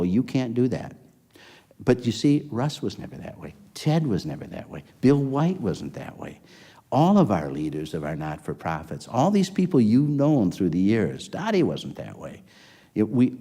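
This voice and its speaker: Older man, very low voice, mellow tone, rambling anecdotal interview storytelling. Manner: rambling anecdotal, acts out quoted dialogue. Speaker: interviewee, former health system executive.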